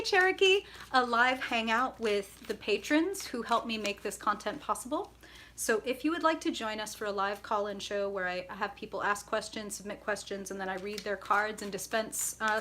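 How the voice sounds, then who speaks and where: A woman's voice: mid-range voice, sharp tone, slight background noise. A woman hosting a live tarot stream, bubbly and chatty, greeting viewers by name and laughing often.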